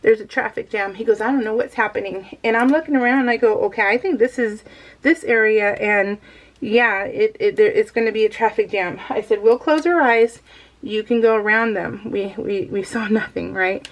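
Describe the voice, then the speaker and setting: A woman's voice: mid-range voice, normal speed, rough recording. A middle-aged woman telling a story in a casual, chatty voice-over, laughing often and coughing now and then after tonsil surgery. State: coughing, recovering from tonsil removal. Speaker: scrapbooking vlogger.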